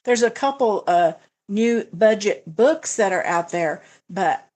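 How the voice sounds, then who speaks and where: A woman's voice: mid-range voice, a little mellow. Woman chatting on her budget livestream, lots of uh and um, answers comments one by one. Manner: chatty, hesitant, many fillers and restarts. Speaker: budgeting channel host. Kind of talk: casual livestream chat reading comments.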